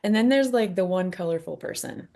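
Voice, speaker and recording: Earnest podcast lady, lowish voice, gets quiet sometimes. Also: fairly quick. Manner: earnest, animated, drops to near whisper. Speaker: podcast co-host. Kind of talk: casual conversation.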